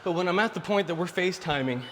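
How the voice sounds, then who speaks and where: A man's voice: sits high, fast, a bit bright, in a large hall, a little hiss or hum. A man in his forties giving blunt dating advice to male viewers in a casual, preachy monologue. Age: 40s. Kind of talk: casual direct-to-camera monologue.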